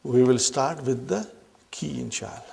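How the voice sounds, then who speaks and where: A man's voice: mid-range voice, normal speed, gravelly, a little mellow. A man teaching an Arabic grammar lesson to a class, who repeats his questions, checks that students follow and calls them brothers and sisters. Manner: repeats questions to the class, checks understanding with "huh?" and "are you with me"; addresses listeners as brothers and sisters.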